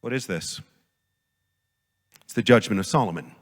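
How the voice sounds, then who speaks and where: A man giving a conference lecture as a professor, lively and jokey, often acting out quoted voices. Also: moderate pace. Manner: animated, jokey, acts out quotes with big pitch jumps. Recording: long hall reverb.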